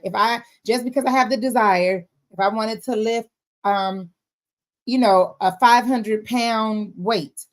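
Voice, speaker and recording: A woman giving a casual faith-based motivational talk, expressive and often checking in with her listeners. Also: medium pitch. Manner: expressive, frequent "all right?" check-ins.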